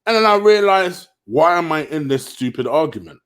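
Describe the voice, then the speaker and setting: Give me a sarcastic man venting in a vlog rant, lively pitch and fiery. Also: moderate pace, smooth. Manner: heated, profane, sarcastic. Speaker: football vlogger. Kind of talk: late-night vlog rant.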